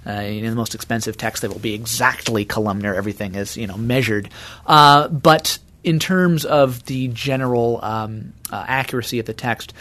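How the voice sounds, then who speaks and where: A man's voice: mid-range voice, fairly bright tone. Hesitant scholarly man explaining. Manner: hesitant, many fillers, measured. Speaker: scholar guest. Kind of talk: interview explanation.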